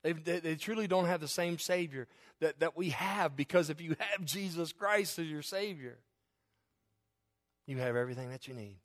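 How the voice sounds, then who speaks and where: At a normal speed, a male pastor whose voice sits slightly above the usual male pitch preaches with fervor. He goes from quiet, confiding remarks to loud, rising pronouncements, and chuckles slip in here and there.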